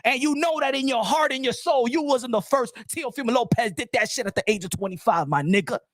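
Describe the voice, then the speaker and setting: A man hosting a boxing channel's live stream, ranting in a loud, heated voice and repeating lines for emphasis in profane street slang. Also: very high voice, lively intonation, a little fast, dry recording, studio quality.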